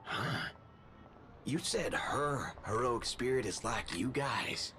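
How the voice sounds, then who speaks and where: A man voicing an exasperated young male master character in a sarcastic, lively manner. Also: mid-range voice, slow pace.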